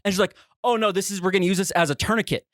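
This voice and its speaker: A young man co-hosting a podcast, telling a story in a casual, animated way and acting out his own reactions. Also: racing, no echo, studio quality. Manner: animated, re-enacts his own reactions with big pitch jumps. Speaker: podcast co-host.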